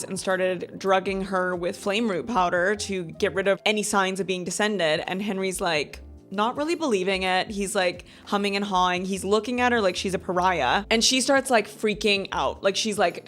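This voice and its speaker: A woman's voice: medium pitch, moderate pace, few pauses, a bit bright, soft background music. A woman in her thirties hosting a casual book review vlog. She talks in a gushing, dramatic way and says "like" often. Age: 30s. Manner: gushing and dramatic, heavy use of "like". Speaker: book club host.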